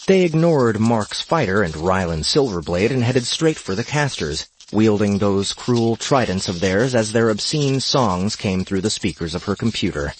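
Deep-voiced man narrating a story. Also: slight background noise.

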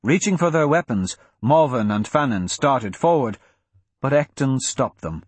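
A man narrating a fantasy audiobook in a steady, measured storytelling manner, recorded on a close mic. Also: mid-range voice, no echo.

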